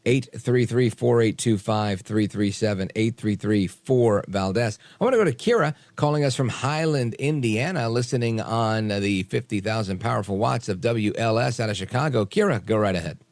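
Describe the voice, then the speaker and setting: A man hosting a late-night talk radio show, animated and opinionated with quick asides. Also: lowish voice, no room sound. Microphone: studio microphone.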